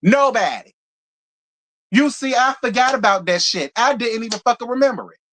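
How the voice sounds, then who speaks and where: A channel host delivering a live review as a fiery rant, swearing freely and repeating lines over and over for emphasis. The voice sits mid-range in pitch, and the delivery stays blunt and worked up. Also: fast, fairly bright tone, slight background noise. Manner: blunt, profane, heated, repeats points for emphasis.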